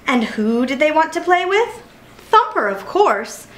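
A woman reading a children's picture book aloud with clear, expressive narration. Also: high voice, unhurried, low-quality recording. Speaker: storyteller.

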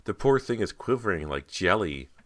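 A very deep-voiced reader doing a smug, condescending teenage girl who mocks and belittles in a cool, catty tone. Storybook narration, only lightly lifted above the reader's own low register. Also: big pitch swings, moderate pace, fairly bright tone, full character voice. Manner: condescending and mocking. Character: snide teenage girl actress, catty rival.

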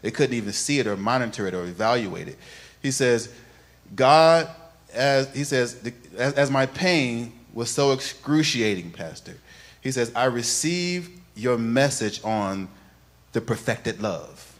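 Pastor preaching from quiet to sing-song. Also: male voice, medium pitch, lively intonation, unhurried. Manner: calls on the congregation to repeat phrases. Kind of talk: sermon.

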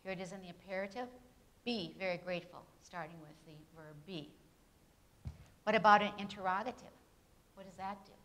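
Speaking briskly at medium pitch with a slightly bright tone and long pauses, a woman runs an English grammar lecture at a Bible institute. She quizzes her students, responds herself with tag questions, and gives example sentences clear emphasis.

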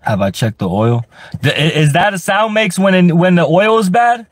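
A man's voice: sits high, lively intonation, moderate pace, no room sound. Man streaming from his car. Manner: frustrated, profane, stammers and repeats words. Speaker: livestreamer. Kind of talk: rambling live stream to chat. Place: inside a parked car.

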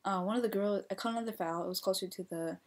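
A young woman hosting a casual podcast, telling referee stories in an animated way and correcting herself as she goes. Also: mid-range voice, fast. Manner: animated, acts out the players' and her own quoted lines; laughs often and corrects herself mid-story. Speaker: podcast host and soccer referee. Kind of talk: casual storytelling monologue.

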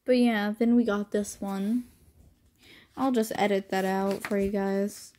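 A woman's voice: medium pitch, steady tone, measured pace, mellow. A young woman chatting casually into a phone at home, rambling and self-deprecating about her drawings. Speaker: amateur artist. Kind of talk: casual chat.

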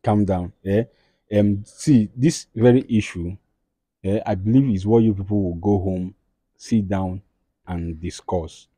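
A soothing talk show mediator, played by a Nigerian man in a comedy skit. His voice is low and very mellow, recorded dry. He keeps urging calm and slips into Pidgin. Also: measured pace, dry recording.

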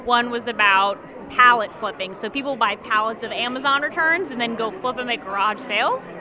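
A woman who works as a TV consumer reporter chats freely in a fairly high voice and explains her stories in detail. A crowd is clearly heard behind her at the event. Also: normal speed. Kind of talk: casual interview.

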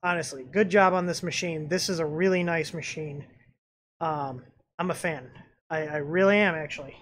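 A man's voice: fairly high pitch, moderate pace, fairly bright tone, a little hiss or hum. A man hosting a casual live-stream review of a 3D printer, talking in a rambling way with lots of "um"s and restarts. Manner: rambling, filler-heavy, frequent restarts. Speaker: channel host reviewing a 3D printer.

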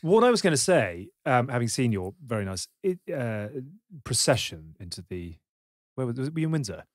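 A man's voice: mid-range voice, sing-song, normal speed, dry recording, clean studio sound. A man from Dorset hosting a podcast, teasing his co-hosts and steering the casual chat. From Dorset, England. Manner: teasing, jokey, steers the talk. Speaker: podcast host.

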